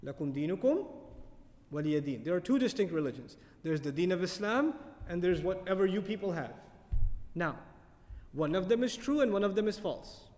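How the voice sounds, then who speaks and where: A man giving a tafsir lecture as a Quran teacher, animated and often putting questions to his audience. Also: sits high, moderate pace, big-room sound.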